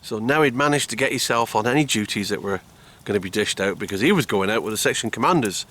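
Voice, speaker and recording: A man's voice: fairly low pitch, animated, quick pace, a bit bright. Chuckling man rambling in the woods. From United Kingdom. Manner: rambling, chuckling, repeats words. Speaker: outdoor vlogger. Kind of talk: casual storytelling to camera. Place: outdoors in winter woods.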